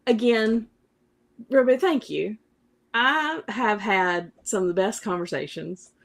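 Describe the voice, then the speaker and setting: A woman's voice: mid-range voice, slow pace. A woman with a Southern US accent co-hosting a casual podcast chat, laughing often. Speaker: podcast co-host.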